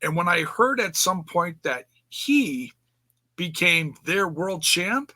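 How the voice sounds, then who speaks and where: A man's voice: sits high, lively intonation, slow, pushed and bright. A man co-hosting a casual wrestling review podcast, chatty and amused, with lots of "you know" and "like". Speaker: podcast co-host.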